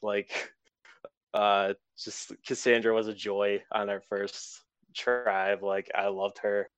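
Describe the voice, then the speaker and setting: A young man with a low, smooth voice talks in a casual, fairly monotone way, full of "like" and "um". He rambles through his thoughts as an interview guest. The sound is close and dry. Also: slow pace, dry recording. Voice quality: self-described monotone. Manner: rambling, filler-heavy, laid-back. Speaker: eliminated player being interviewed.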